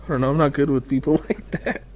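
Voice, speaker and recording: Casting: man, podcast co-host, casual banter, quick to laugh, cusses freely. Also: fairly high pitch, fairly even intonation, darkish tone, a little hiss or hum. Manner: laughs often, swears freely.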